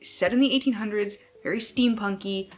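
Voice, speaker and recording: A young woman chatting casually at home about books, excitable and swearing freely, turning now and then to talk to her baby. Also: mid-range voice, normal speed. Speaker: book vlogger. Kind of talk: casual chat.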